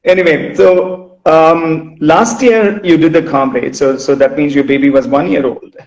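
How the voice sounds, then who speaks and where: A man's voice: fairly high pitch, steady tone, measured pace, a little mellow, lo-fi sound. A man hosting an interview as a running coach, rambling and restarting with repeated words. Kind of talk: casual interview chat. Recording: roomy echo.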